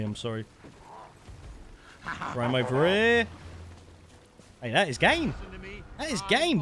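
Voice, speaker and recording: A man giving live commentary over his gameplay, chatty and excitable, calling the listener mate. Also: mid-range voice. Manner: excitable, bursts into loud shouts at big plays. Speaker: gaming streamer. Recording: noisy background.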